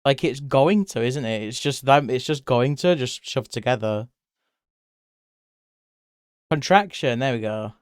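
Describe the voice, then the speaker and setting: Chatty British streamer with a smooth voice. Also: male voice, mid-range voice, unhurried, pauses often, dry recording, clean studio sound. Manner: rambling and chatty, laughs often, voice jumps up when excited. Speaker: livestreamer. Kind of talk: casual live-stream chat, answering chat.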